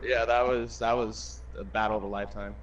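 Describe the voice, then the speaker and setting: A male race driver answering post-race questions in a quiet, casual way. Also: lowish voice, flat delivery, brisk, a little hiss or hum, low-quality recording. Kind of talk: post-race interview over voice chat.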